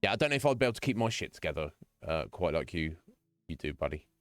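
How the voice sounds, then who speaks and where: A man's voice: sits low, big pitch swings, fast, music in the background. A man chatting casually with his viewers while streaming a game, talking earnestly and rambling with many restarts. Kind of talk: casual chat. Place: home streaming room.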